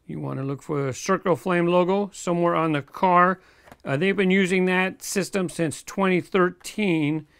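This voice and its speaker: A man with a fairly high, gravelly voice talks casually through an unboxing, easygoing and chatty. His voice sounds close and dry, with no room around it. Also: moderate pace, fairly bright tone, dry recording. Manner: chatty, easygoing, chuckles between remarks. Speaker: toy car collector host.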